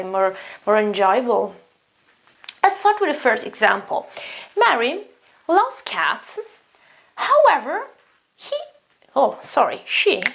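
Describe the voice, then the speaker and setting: Woman with an Italian accent, English teacher, explanatory and self-correcting, slightly gravelly voice. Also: medium pitch. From Italy. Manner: explanatory, repeats words and restarts often. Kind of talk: online English lesson.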